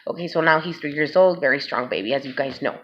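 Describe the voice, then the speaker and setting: A woman's voice: low voice, fast, lo-fi sound. A mother speaking to her viewers, telling an emotional personal story and often calling them "guys". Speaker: vlogger and mother.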